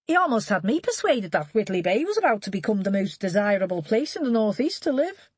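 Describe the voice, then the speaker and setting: A woman's voice: medium pitch, big pitch swings, a little fast, husky, dry recording, pitched above the performer's own voice. A woman voicing a genial middle-aged man who gossips in a chatty, wry, knowing way, in an audiobook reading.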